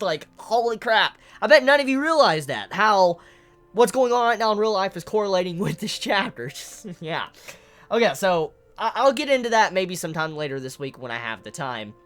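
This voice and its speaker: Excitable and swearing often, a manga reviewer talks through a chapter analysis in a casual, emotional way. The voice is medium in pitch.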